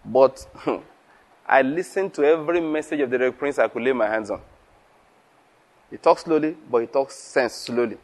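A man's voice: medium pitch, normal speed, pauses often. A man preaching to fellow pastors, telling stories and acting out conversations, laughing often. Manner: lively storytelling, acts out dialogue, laughs often.

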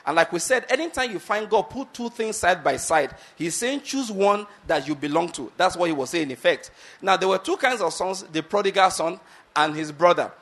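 A man with a fairly high voice delivers a sermon, retelling a Bible story. He keeps checking that his listeners follow, asking again and again whether they are getting his point. He speaks the characters' lines himself, slowing down for emphasis. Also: expressive, a bit bright. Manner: repeatedly asks the audience if they get the point; acts out Bible characters' lines with shifts in pace. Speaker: preacher.

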